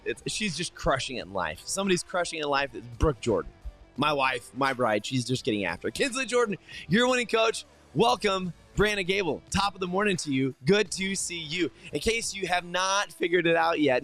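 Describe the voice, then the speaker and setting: A man's voice: fairly high pitch, fairly bright tone. A man hosting a morning motivational livestream, talking straight to his viewers with energy and lots of fillers and restarts. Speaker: host.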